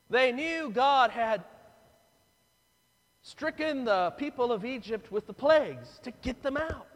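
Animated preacher in an echoing hall. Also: male voice, extremely high pitch. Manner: dramatic, acts out voices of the crowd. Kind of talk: sermon. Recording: long reverb of a large hall.

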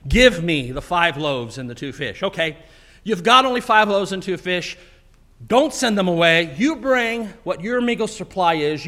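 A man preaching a sermon in a church, telling the story with animated delivery and acting out the quotes. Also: high-pitched. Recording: long hall reverb.

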